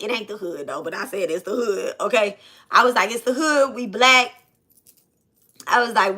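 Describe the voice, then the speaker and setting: Black lady doing a storytime, kinda high bright voice, animated, swears a lot. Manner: animated, repeats phrases, swears freely. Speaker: channel host. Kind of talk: casual storytime.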